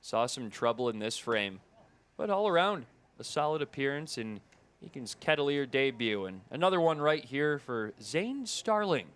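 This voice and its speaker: A man's voice: mid-range voice, very animated, moderate pace, fairly bright tone. A man with a Midwestern accent calling baseball play by play, his voice jumping up on big plays. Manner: rises sharply on big plays. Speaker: play-by-play broadcaster.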